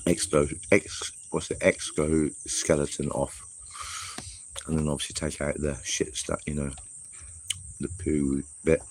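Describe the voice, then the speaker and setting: A travel vlogger with a rumbling low, slightly mellow voice rambles chattily on a casual livestream while eating breakfast, talking with his mouth full. He's on the road in Southeast Asia, with the camera set in front of him. The ambience is noisy with insects and traffic.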